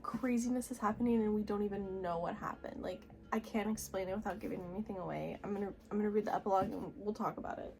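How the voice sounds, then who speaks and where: A young woman in her twenties talking excitedly to camera about books at home, gushing with lots of filler words. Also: medium pitch, fast talker, gravelly, hardly any pauses. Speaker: book vlogger. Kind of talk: casual reading vlog chat.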